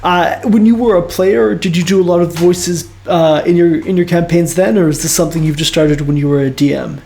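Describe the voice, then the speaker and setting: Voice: mid-range voice, brisk, creaky, a little mellow. A podcast host interviewing a guest, curious and asking follow-up questions.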